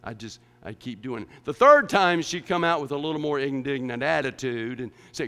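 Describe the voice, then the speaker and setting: A pastor preaching a sermon, dropping to a hush and then rising to emphatic passages. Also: male voice, medium pitch, expressive, moderate pace, few pauses. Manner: dramatic, swings from hushed to emphatic. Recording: long hall reverb.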